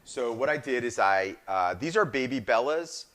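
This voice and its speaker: Hosting a live cooking show, this middle-aged northern New Jersey man talks eagerly to his viewers in a Jersey accent. He has a mid-range, fairly bright voice, animated delivery, and a normal speaking speed.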